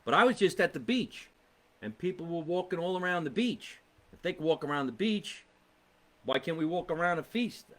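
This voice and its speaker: A man's voice: fairly high pitch, lively intonation, moderate pace, a bit bright. A man with a New Jersey accent, a comedian hosting a casual live podcast, chatting and reading out viewer comments in a rambling way. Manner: chatty, rambling, exasperated asides.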